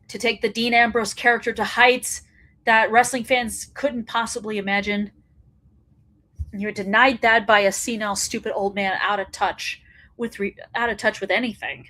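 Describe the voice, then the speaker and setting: A woman's voice: fairly high pitch, bright, forceful tone. A woman hosting a wrestling commentary show, ranting bluntly and profanely, fired up.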